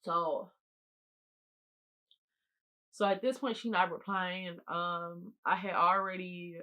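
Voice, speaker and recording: Eating as she talks, this storytime vlogger speaks straight to her audience, repeating phrases to stress them. Her lowish voice is steady and she takes it slowly. The recording has its highs cut off.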